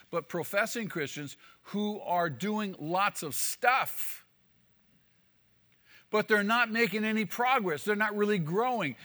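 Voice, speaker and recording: A man's voice: sits high, bright, forceful tone. A male pastor preaching an emphatic sermon, repeating key phrases for weight. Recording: long hall reverb.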